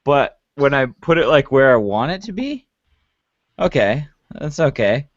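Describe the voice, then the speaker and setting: Relaxed man on a dull, dry mic. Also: medium pitch, unhurried, no echo. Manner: relaxed, swears casually. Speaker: guest in an online hangout. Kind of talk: casual chat. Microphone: new desktop mic on a wobbly arm.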